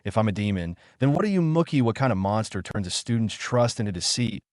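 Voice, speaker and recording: Calm, deadpan young ninja hero, read by a male narrator, low voice, dry sound. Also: fast, dry recording. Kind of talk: fan story read aloud.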